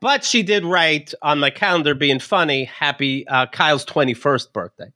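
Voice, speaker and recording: A man's voice: on the high side, normal speed, no echo, clean studio sound. A man, a podcast co-host, telling a comedic story, laughing often and acting out the other people's lines. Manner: animated, laughs often, acts out dialogue.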